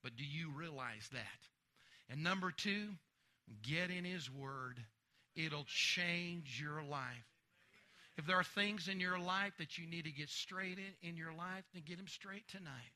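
Man preaching, high voice, slow delivery, fervent, hushed pleading to shouts. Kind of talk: revival sermon. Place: church meeting.

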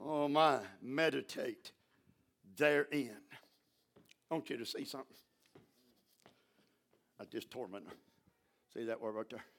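A man preaching a fervent sermon in a church, often rising into shouts. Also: mid-range voice, unhurried, creaky, long pauses.

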